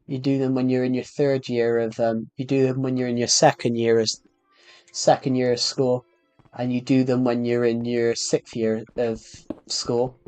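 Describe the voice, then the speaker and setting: A young man rambles through a casual game stream, his throat a little sore. He talks at an ordinary middle pitch, restarting sentences and filling gaps with ums as he plays. Faint music sits underneath. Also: level tone, moderate pace, darkish tone. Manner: rambling, chatty, with frequent restarts and fillers. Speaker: gaming streamer. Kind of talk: casual live-stream chat while playing.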